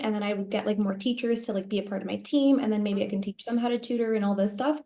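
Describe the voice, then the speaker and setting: A woman who used to be a teacher, talking casually on a coaching call and telling rambling, animated stories full of fillers. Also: mid-range voice, fast talker, few pauses. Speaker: coaching client, former teacher.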